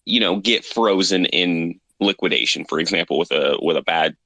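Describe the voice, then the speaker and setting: Audience member with a low, bright voice, asks at length and politely. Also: male voice, moderate pace, no room sound. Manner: rambling, hesitant, polite. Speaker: audience member asking a question. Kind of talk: live audio Q&A.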